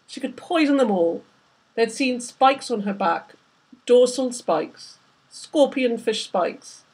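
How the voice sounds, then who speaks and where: A woman's voice: on the high side, expressive, slow, a little mellow, slightly rough. A woman, the author, reading aloud from her novel with vivid, dramatic storytelling. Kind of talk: literary reading.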